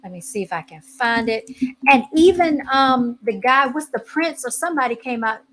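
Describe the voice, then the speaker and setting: A woman hosting a casual podcast, chatting in an animated way while searching online and reading posts aloud. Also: a little high, moderate pace. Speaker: podcast host. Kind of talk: casual chat.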